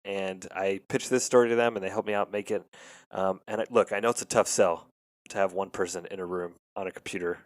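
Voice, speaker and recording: A man, a film editor and director, telling stories in a relaxed interview with frequent ums. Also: low voice, brisk, no room sound, studio quality. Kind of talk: casual interview talk.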